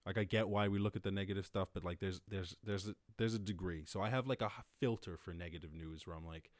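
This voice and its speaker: A man hosting a casual solo podcast, rambling and swearing, laughing often and jumping to loud high exclamations. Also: quick pace, no room sound. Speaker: podcast host.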